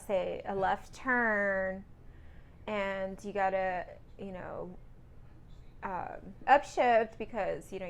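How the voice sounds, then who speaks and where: A woman's voice: mid-range voice, slight background noise. A woman talking in a casual vlog about her truck driving lessons, rambling and correcting herself as she goes.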